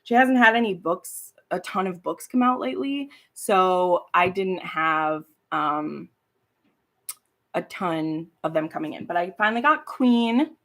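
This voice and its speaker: A booktube host streaming from her home setup chats in a rambling way on a casual live stream, swearing freely and laughing easily. Her voice is fairly low, animated and a bit bright, at a measured pace.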